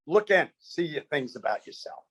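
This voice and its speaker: A man's voice: on the high side, sing-song, normal speed, a bit bright, slightly rough, no room sound. A man, a comedian guest, telling stories with punchy quoted bits and lots of animation.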